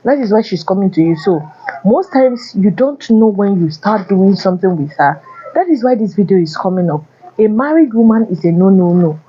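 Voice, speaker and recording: A woman's voice: medium pitch, lively intonation, normal speed, breathy edge, lo-fi sound. A woman vlogger giving blunt, repetitive relationship warnings addressed to men. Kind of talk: casual advice monologue.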